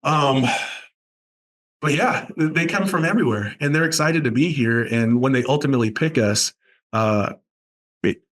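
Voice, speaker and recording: A man from Boston, guest on a podcast interview, talking about his college aviation program with enthusiastic, animated storytelling. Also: medium pitch, normal speed, long pauses.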